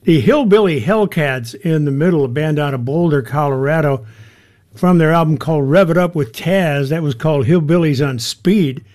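Older male DJ, 60s, a bit high and hoarse, relaxed chatty back-announcing. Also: normal speed. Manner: easygoing, conversational, chatty asides between songs. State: slightly hoarse, losing his voice. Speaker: radio DJ. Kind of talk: radio DJ back-announcing songs.

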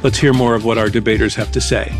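A man moderating a radio debate, posing questions in a measured, inquisitive way. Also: lowish voice, steady tone, over music.

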